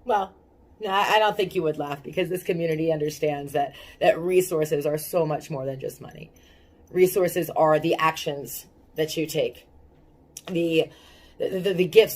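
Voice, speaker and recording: A woman's voice: deep voice, darkish tone. A young woman hosting her own cannabis activism webcast from a small home setup, talking earnestly to viewers, moved and stumbling over her words. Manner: emotional, earnest, restarts often. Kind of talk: casual webcast talk to viewers.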